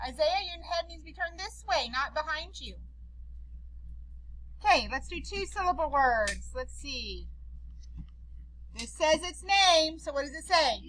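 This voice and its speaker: A woman teacher leading a slow, deliberate phonics drill with her class, giving short sounding-out prompts. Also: high-pitched, animated, fairly bright tone, slight background noise, low-quality recording.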